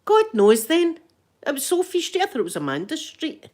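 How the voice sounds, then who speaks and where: A middle-aged Scottish woman and grandmother chatting in a casual ASMR vlog, animated and laughing often. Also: high voice, moderate pace. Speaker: vlogger and grandmother.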